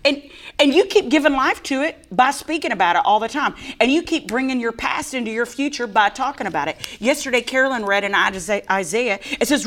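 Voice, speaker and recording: A woman co-hosting a faith talk show, telling a personal testimony in an animated, dramatic way and acting out her own whiny crying voice. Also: a little high. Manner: dramatic storyteller who mimics a whiny crying voice. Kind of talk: animated testimony with playful banter.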